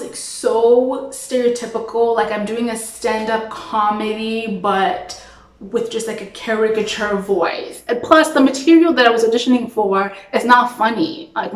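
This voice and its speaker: A young adult woman from Toronto, telling an acting story in a chatty, expressive way, with lots of "like.". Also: a little high, reverberant, rough recording. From Toronto, Canada. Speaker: actress. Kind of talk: storytime vlog.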